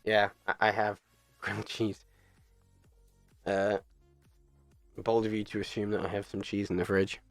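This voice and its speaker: A man's voice: lowish voice, flat delivery, a little slow, creaky, pauses often, no room sound, faint music behind. A man casting an esports tournament, chatting casually on a live stream between matches, chatty and giggly. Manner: chatty, giggly, plays with silly voices.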